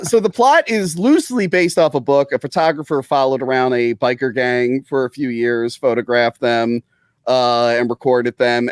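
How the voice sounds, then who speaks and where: A man's voice: medium pitch, clear, resonant tone, no echo, clean studio sound. A man co-hosting a casual live movie review, enthusiastic and playful, laughing often as he talks. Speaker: co-host.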